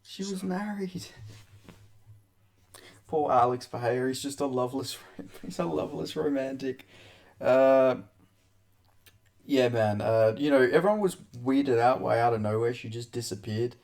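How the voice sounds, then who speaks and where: A man's voice: medium pitch, fairly even intonation, normal speed, vocal fry, a little mellow. A young man hosting a casual commentary vlog, talking crudely with lots of swearing, rambling and often laughing. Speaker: MMA commentary host.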